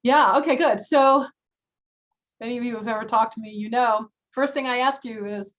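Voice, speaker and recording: A woman in her sixties, a physician talking casually with pre-med students in a frank, chatty way, with many fillers and lively storytelling. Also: fairly high pitch, moderate pace, rough recording. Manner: frank and emphatic advice. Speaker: physician and director of student health.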